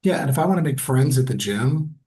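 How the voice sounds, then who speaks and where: A man's voice: medium pitch, lively intonation, brisk, warm tone, slight background noise. A middle-aged man talking candidly and self-deprecatingly in a casual conversation, acting out what people said. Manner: candid and self-deprecating, acts out quoted voices. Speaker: guest sharing personal stories.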